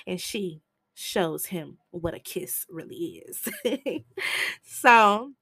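Lively low-voiced woman telling a story. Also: drawn-out words, breathy edge, dry recording. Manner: animated storyteller who jumps into high voices to act out quotes; blunt, swears casually, relaxed slang. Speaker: podcast host reviewing a film. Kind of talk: casual movie recap.

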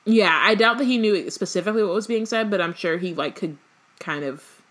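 A woman's voice: medium pitch, fairly quick, a bit bright. A young woman hosting a book podcast, reading aloud and chatting casually, with lots of fillers. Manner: casual, filler-heavy, laughing commentary. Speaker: podcast host and reader.

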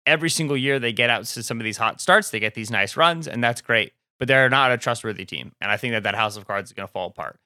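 Podcast co-host, man, rapid and wry, very bright forceful tone, dry studio sound. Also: medium pitch, no echo. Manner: rapid, wry, mock-emphatic opinions. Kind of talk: casual sports chat.

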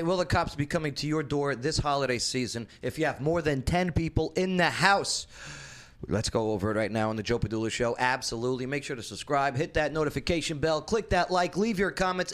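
Blunt animated talk show host. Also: male voice, on the high side. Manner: blunt, animated, jokey, with asides to the studio crew. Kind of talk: casual opinion talk show.

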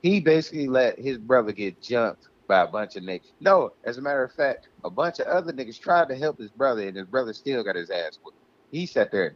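A man's voice: mid-range voice, very animated, a little fast, muffled recording. A man co-hosting a casual podcast, ranting heatedly and swearing a lot. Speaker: podcast co-host.

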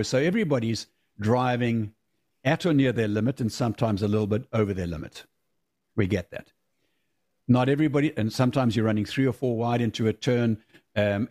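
A man's voice: fairly low pitch, a little mellow. A man speaking as a guest on a video-call podcast, giving firm, emphatic opinions in casual chat. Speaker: guest, race car driver.

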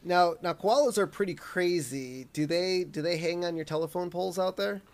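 A man's voice: sits high, moderate pace. Curious co-host, man. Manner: curious, asks questions, repeats words when starting. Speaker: podcast co-host. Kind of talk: casual chat.

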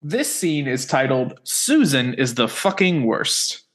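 A man co-hosting a podcast recaps a TV episode in casual conversation, dropping wry, sarcastic asides as he summarizes. His medium-pitched voice is sing-song, and he takes his time.

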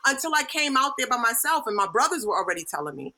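A woman from Brooklyn in casual chat, telling animated stories and acting out her relatives in voices. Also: on the high side, quick pace. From Brooklyn, New York.

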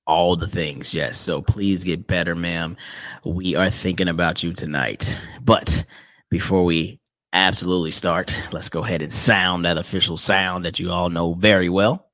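Playful low-voiced podcast co-host man. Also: fairly even intonation, moderate pace, fairly bright tone, no room sound. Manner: laughs often, playful teasing. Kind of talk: casual chat. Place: home.

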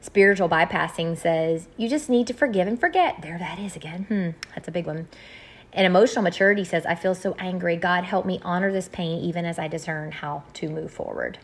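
A woman leading a group, reading through graphics and explaining them in a gentle, earnest way. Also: fairly low pitch, fairly even intonation, fairly quick, breathy edge.

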